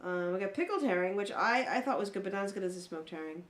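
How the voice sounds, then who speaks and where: With a mid-range voice and a fast delivery, this woman co-hosts a podcast amid reverberant acoustics. She keeps it conversational, an animated storyteller who impersonates the people she quotes.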